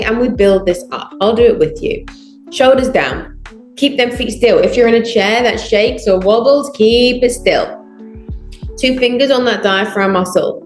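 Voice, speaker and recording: Over a video call, a voice and public speaking coach walks through a guided breathing lesson, encouraging each step and counting every breath aloud. She has a mid-range voice, and the room sounds echoey.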